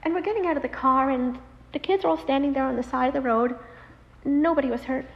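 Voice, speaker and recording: Woman in her thirties, high voice, animated storytelling, roomy echo, dull lo-fi sound. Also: fairly quick, vocal fry. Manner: animated, many fillers, acts out quoted voices. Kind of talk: personal story told aloud. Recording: roomy hall with long reverb, dull lo-fi sound, faint noise.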